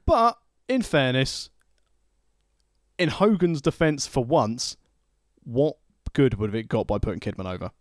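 A man's voice: medium pitch, expressive, a little slow, dry recording, clean studio sound. A man co-hosting a casual wrestling podcast, joking and teasing, laughing often. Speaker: podcast co-host.

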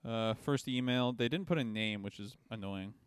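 A man's voice: mid-range voice, normal speed, clear, resonant tone, no echo, studio quality. A young man co-hosting a podcast in casual chat, rambling and crude, laughing often. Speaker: podcast co-host.

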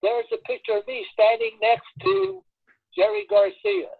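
Animated male storyteller, lo-fi sound. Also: extremely high pitch, moderate pace, vocal fry, no echo. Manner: animated storyteller acting out quoted voices. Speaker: former record promotion man telling stories. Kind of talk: casual anecdote-telling. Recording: dull lo-fi dry recording.

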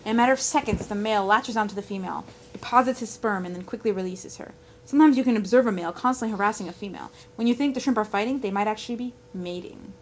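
A woman's voice: medium pitch, very fast. A woman co-hosting a podcast in casual chat, blunt and dismissive, often reading aloud from articles. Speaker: podcast co-host.

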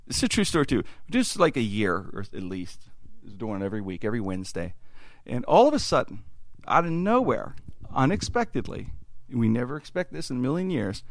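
A man's voice: medium pitch, fairly quick, few pauses, no echo. A middle-aged man hosting a podcast, telling a story casually and acting out the quotes. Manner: animated, acts out quotes. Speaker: podcast host.

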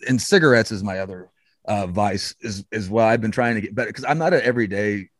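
A man's voice: on the low side, fast talker, no echo, clean studio sound. A man talking casually as a guest, rambling with many restarts and fillers. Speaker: podcast guest. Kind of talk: casual conversation.

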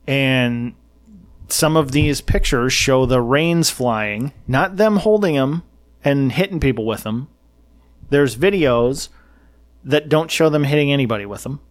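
A man's voice: medium pitch, measured pace. A man hosting a casual political chat, rambling and sarcastic, who often acts out what others said.

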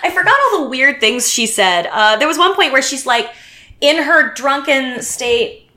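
A woman's voice: high voice, normal speed, echoey room. A woman telling a long story as a podcast guest, acting out the people she quotes and restarting her sentences often. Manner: animated, acts out quotes, many restarts. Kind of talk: casual storytelling chat.

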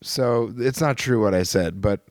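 Male podcast host, lower voice, casual, halting delivery. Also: darkish tone, no room sound, clean studio sound. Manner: hesitant, trailing off, easygoing. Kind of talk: casual chat.

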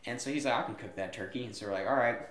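A young man co-hosting a podcast, telling a story in casual chat and acting out quotes with sudden loud yelps. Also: mid-range voice, very fast. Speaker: podcast co-host. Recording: echoey room.

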